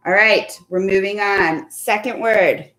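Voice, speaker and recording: Young woman teacher, slow and patient, warm praise for each child, sounding words out for early readers. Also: mid-range voice. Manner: slow and deliberate when spelling out words. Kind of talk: live online phonics lesson.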